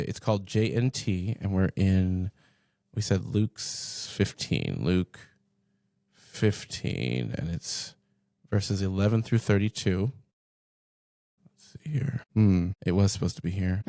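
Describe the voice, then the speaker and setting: A man's voice: measured pace, gravelly, dry recording, studio quality. A man, a pastor, talking casually and with energy through a Bible passage with a co-host. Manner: animated, jumps into high pitch for jokes and read-outs. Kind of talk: casual conversational Bible discussion.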